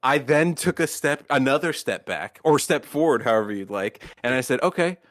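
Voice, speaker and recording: A man's voice: medium pitch, animated, normal speed, no room sound, studio quality. A man hosting a podcast in casual chat, rambling and swearing, with many restarts. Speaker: podcast host.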